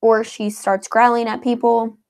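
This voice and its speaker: A woman's voice: a little high, level tone, unhurried, a little mellow. A woman, chatting casually as a co-host and reading out viewer comments, her talk full of "like" and "um". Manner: chatty, heavy on filler words like "like" and "um". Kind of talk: casual live chat.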